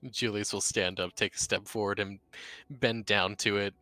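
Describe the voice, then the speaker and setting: A man casually narrating his character's moves in a tabletop game. His voice sits fairly low with a bright, forward tone. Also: steady tone, normal speed, no echo. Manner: third-person narration, casual. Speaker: player.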